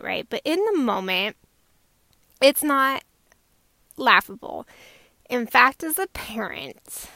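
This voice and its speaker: Chatty bright-voiced woman podcaster, gravelly. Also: mid-range voice, no room sound. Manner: chatty, laughs often, warm pet names for listeners. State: recovering from tonsil surgery. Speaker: podcast host. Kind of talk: casual solo podcast monologue.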